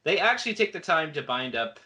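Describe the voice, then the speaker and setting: A man recapping a book on a casual podcast and slipping in dry, jokey asides. His voice is a touch high and bright, with lively ups and downs in pitch. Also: brisk. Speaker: podcast co-host. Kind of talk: casual book discussion chat.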